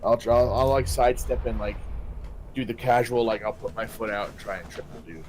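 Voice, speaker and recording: A man's voice: mid-range voice, steady tone, brisk, a little mellow, slight background noise. A man playing a tabletop game, thinking aloud in a hesitant, casual way. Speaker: player.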